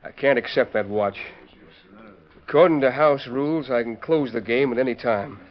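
An actor playing a cool, measured professional gambler dealing cards, on a dull old radio recording. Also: male voice, medium pitch, lightly acted. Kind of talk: 1940s radio acting.

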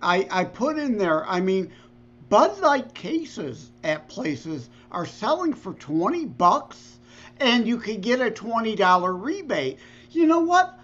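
A man co-hosting a casual podcast, talking with emphatic swings in pitch. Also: big pitch swings, takes it slowly, fairly bright tone, muffled recording. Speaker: podcast co-host.

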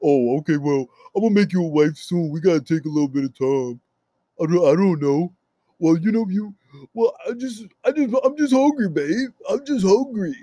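A man's voice: sits high, lively intonation, moderate pace, mellow, dry recording. A man putting on the voice of a whiny, needy young boyfriend who pleads and stammers. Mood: whiny, pleading.

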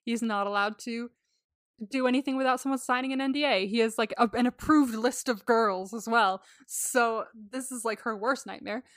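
Lively woman on a podcast mic, swears a bunch, acts out the lines, kinda high voice. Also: moderate pace, dry recording, studio quality. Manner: animated, swears freely, laughs often, acts out quotes. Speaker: podcast co-host. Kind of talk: casual recap chat.

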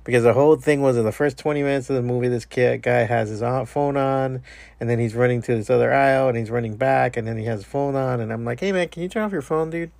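Male podcast host, gravelly, mid pitch, rambling and profane. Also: fast talker, no echo. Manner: profane, rambling, animated storyteller. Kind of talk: casual monologue storytelling.

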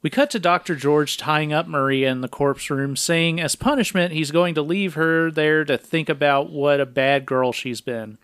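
A man with a clean, resonant voice walks through a movie's scenes for a podcast, plain and matter-of-fact. His voice sits a bit high for a man. The sound is close and dry, with no room around it. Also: normal speed, few pauses, smooth, dry recording. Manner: recounting scenes in a flat, matter-of-fact play-by-play. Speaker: podcast co-host. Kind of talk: casual film recap podcast.

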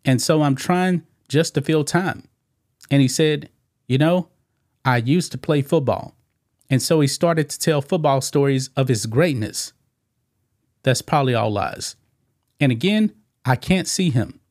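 A man's voice: mid-range voice, measured pace, a little mellow, dry recording. Man, channel host, reaction commentary, emphatic and repetitive, mid-range voice, dry close mic.

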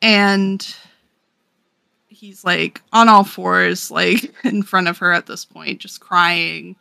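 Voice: mid-range voice, fairly even intonation, takes it slowly, gravelly, bright, forceful tone, no room sound. A young adult podcast co-host casually recapping a story, talking in a chatty, filler-heavy way with frequent laughs.

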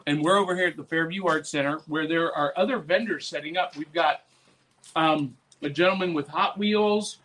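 A man's voice: fairly high pitch, normal speed, a bit bright, low-quality recording. A man co-hosting a casual live podcast at an indoor event, chatty and playfully teasing. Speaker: podcast co-host. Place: indoor arts center event with vendors.

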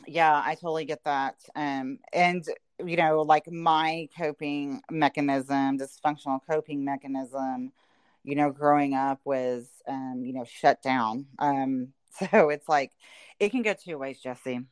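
A woman with a low voice talks through family matters in a casual podcast chat. She's reflective and loose, with plenty of fillers. The sound is dry and close. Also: fairly even intonation, unhurried, clean tone, no room sound. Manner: reflective, speaks in southern "y'all", many "you know" fillers. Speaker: podcast co-host.

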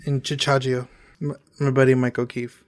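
A man co-hosting a comedy podcast, bantering casually, swearing and jumping into quick silly voices. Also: mid-range voice, level tone. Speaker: podcast co-host.

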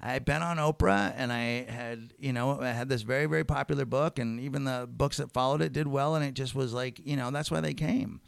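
A middle-aged man, a comedian guest, telling a rambling, animated story in casual chat and swearing freely. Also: medium pitch, a little fast, creaky, few pauses, smooth, no echo.

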